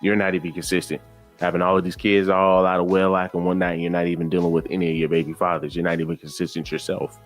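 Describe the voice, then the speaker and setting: A man's voice: low-pitched, little pitch movement, fast talker, soft background music. A man reacting to a clip, lecturing in an exasperated tone and repeating his points. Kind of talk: reaction commentary.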